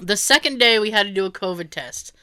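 A woman telling a travel story on a casual chat podcast, animated, swearing freely and laughing often. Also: mid-range voice, brisk, a crowd in the background.

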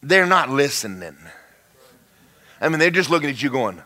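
A man preaching a sermon in a folksy, animated way, swinging between loud emphatic lines and low quiet asides and acting out little dialogues. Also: moderate pace.

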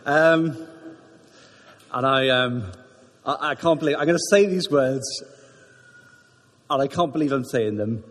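A man with a Welsh accent giving a chatty, self-deprecating talk to his church, halting often with ums. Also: mid-range voice, fairly bright tone. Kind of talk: informal sermon talk. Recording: echoey church hall.

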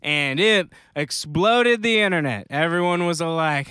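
A man co-hosting a casual podcast chat about comics news, joking and chatty with quick asides. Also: sits high, expressive, sharp tone, clear, resonant tone, no echo, clean studio sound. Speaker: podcast co-host.

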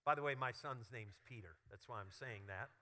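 A male pastor preaching a sermon with humorous, animated storytelling. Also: medium pitch, moderate pace.

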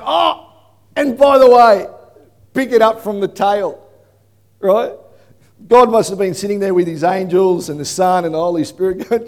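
Male preacher, lively storyteller who breaks into shouts; unusually high voice, long echo of a church hall. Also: moderate pace. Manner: animated storytelling, bursts into shouting. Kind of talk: sermon.

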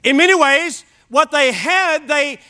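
A man's voice: very high voice, unhurried, sharp tone. A man preaching a sermon at a church service, emphatic and repeating key phrases for weight.

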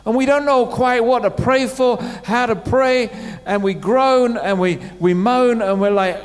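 A man's voice: very high-pitched, measured pace, hardly any pauses. A middle-aged man preaching a sermon in church, talking in a conversational way and putting questions to the congregation. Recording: church hall with long reverb.

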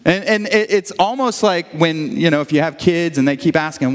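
A male pastor preaching a conversational sermon, animated and telling stories, acting out the voices of the people in them. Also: on the high side, a little fast, hardly any pauses. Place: church sanctuary. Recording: long hall reverb.

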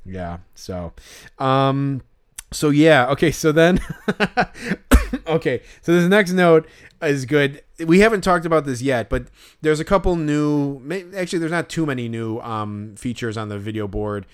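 A man's voice: fairly high pitch, unhurried, clean tone. A young man co-hosting a casual podcast chat, rambling with many fillers and acting out the voices he quotes. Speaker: podcast co-host.

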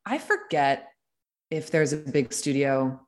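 A woman guest on a podcast in casual chat, effusive and quick to laugh. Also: sits low, very animated. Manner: warm, effusive, laughs easily.

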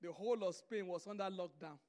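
A man's voice: high-pitched, brisk, darkish tone. A man preaching a sermon, telling stories and driving his points home through emphatic repetition.

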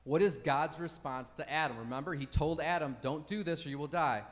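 A man with a slightly higher voice preaches a teaching sermon, building his points with emphasis and asking "right?" as he goes. His voice rings out with the long reverb of a large hall. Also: fairly quick. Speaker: pastor.

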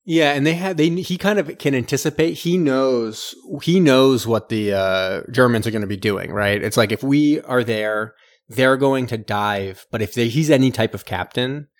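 A man's voice: mid-range voice, normal speed. A man co-hosting a podcast, chatting casually as he retells a film with lots of fillers and restarts. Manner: rambling, animated retelling with acted quotes. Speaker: podcast co-host. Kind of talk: casual chat recapping a film.

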